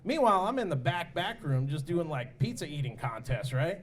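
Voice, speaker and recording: A man with a high, lively voice works through a stand-up set at a bar comedy night. He talks casually and leaps up into squeaky voices whenever he plays the other people in his stories. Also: moderate pace. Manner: animated, jumps into high-pitched voices for other characters.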